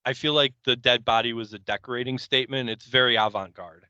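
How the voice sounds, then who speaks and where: Wry man with a smooth, bright voice. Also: medium pitch, fast, dry recording, muffled recording. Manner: wry, deadpan, mock-formal phrasing. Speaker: podcast co-host. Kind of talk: casual chat.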